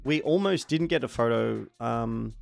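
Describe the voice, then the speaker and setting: An Australian man in his forties chats on his stream in a loose, rambling way. His voice sits at an ordinary middle pitch, and he often breaks into excited shouts. Soft music plays quietly behind him. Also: measured pace, creaky. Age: 40s. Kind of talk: casual stream chat.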